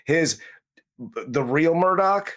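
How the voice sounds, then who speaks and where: A man's voice: on the high side, animated, slow, fairly bright tone. A man co-hosting a movie review chat, rambling and talking about the film as if he were its hero. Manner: rambling, speaks in character as the film's hero in first person. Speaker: movie review podcast co-host. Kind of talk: casual chat.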